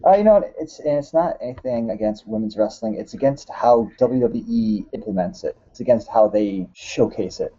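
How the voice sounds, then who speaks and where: A man hosting a casual podcast, rambling with lots of "uh"s and quick laughs. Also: mid-range voice, warm tone, lo-fi sound. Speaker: podcast host. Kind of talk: casual chat.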